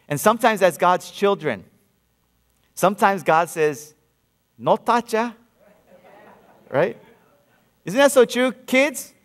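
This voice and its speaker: A man's voice: high voice, fairly bright tone. A man preaching a sermon in a playful, storytelling way, with a Hawaiian-tinged accent and many fillers. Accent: Hawaiian Pidgin-tinged English. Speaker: pastor. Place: large church hall. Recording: reverberant church hall.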